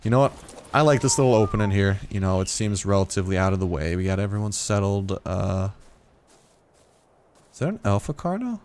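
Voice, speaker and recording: A man's voice: sits low, steady tone, quick pace, darkish tone, slight background noise. A young man giving a rambling, casual commentary over a game late at night, tired and swearing freely, his voice jumping up in surprise. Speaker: gaming youtuber. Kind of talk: casual let's play commentary.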